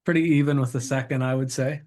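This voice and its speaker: A middle-aged man hosting a casual show and reading jokes aloud in a relaxed, upbeat way with some fillers. He sits a little away from the microphone. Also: medium pitch, quick pace. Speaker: podcast host. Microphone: table mic set away from the speakers.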